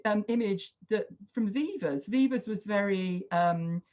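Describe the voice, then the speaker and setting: A woman's voice: mid-range voice, a little slow, a little mellow. Encouraging woman leading an online workshop. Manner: encouraging, chatty, many "sort of" hedges. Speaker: workshop facilitator. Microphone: video call. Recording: dull lo-fi video call audio.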